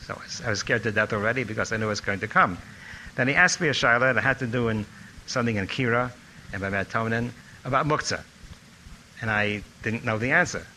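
A man's voice: medium pitch, quick pace, a little hiss or hum, rough recording. An older man telling anecdotes about his former teacher in a reminiscing speech. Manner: storytelling, animated when quoting others. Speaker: former student giving a tribute talk.

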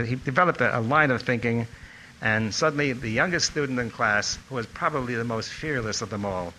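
An older man telling animated stories about a teacher from his student days. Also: mid-range voice, slight background noise, low-quality recording. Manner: animated storytelling, acting out quotes. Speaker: speaker recalling a teacher. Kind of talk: anecdotal reminiscence.

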